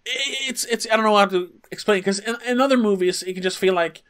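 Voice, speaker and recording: Animated podcast co-host, man. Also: sits high, fast talker, clear, resonant tone. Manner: animated, swearing, acts out quotes. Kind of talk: casual film review chat.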